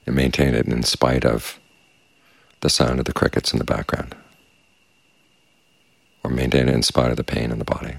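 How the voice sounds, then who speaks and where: A man giving a dharma talk as meditation teacher, speaking in a calm, measured, unhurried way. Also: rumbling low, creaky, husky, dry recording. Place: quiet meditation space with crickets outside.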